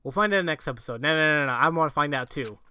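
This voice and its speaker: A man doing casual let's play commentary, excitable and prone to shouting, then rambling with restarts as he reflects. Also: fairly high pitch, very fast, clean tone, no echo. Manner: excitable, breaks into shouts and laughter. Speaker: let's player.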